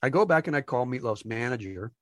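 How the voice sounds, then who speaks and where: A man's voice: medium pitch, quick pace, no room sound. A man in his fifties from New Jersey tells a casual story from his years in the music industry, acting out the voices as he goes. His voice sits in the middle range. He is recorded dry on a close podcast mic. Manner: animated storyteller acting out quotes. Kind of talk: casual anecdote telling.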